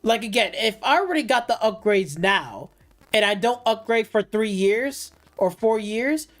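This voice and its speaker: A woman's voice: a little high, animated, measured pace. A woman streamer delivering heated, profane gaming commentary on a live stream, repeating and restarting phrases as she rants.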